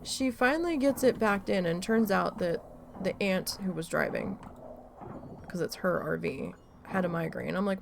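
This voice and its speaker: Chatting casually during a live gameplay stream, a woman with a lowish, animated voice and some vocal fry tells an exasperated story full of swearing at a moderate pace. There's slight background noise.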